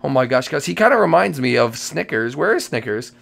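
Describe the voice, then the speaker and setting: A man hosting a Minecraft role-play comedy video, excitable, who keeps exclaiming and repeating himself. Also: mid-range voice, brisk, vocal fry. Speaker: channel host and Minecraft role-play player.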